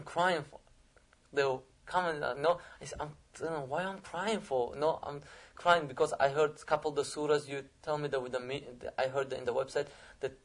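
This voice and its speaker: Earnest man with flat, halting speech. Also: on the high side. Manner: halting, searching for words, repeats phrases; earnest and emotional. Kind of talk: personal testimony.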